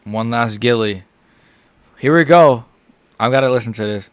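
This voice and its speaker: Male streamer, casual excitable fight reactions, mid pitch, dry close-mic sound. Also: moderate pace, no room sound. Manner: chatty, excitable, lots of "like" and "bro". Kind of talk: casual live reaction commentary.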